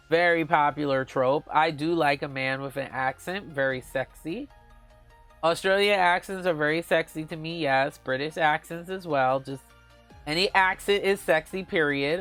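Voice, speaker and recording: A man's voice: fairly high pitch, unhurried, fairly bright tone, soft background music. A man chatting casually to viewers on a live stream, gushing and giggly, often calling out to them as guys. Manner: giggly, with playful exclamations. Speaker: book vlogger.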